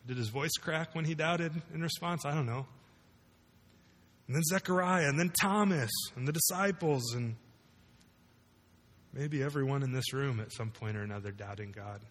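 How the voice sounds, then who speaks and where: A man's voice: mid-range voice, normal speed, long pauses, a bit bright, in a large hall. A man preaching a sermon to a room of listeners, conversational and full of rhetorical questions. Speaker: pastor. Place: large room with congregation.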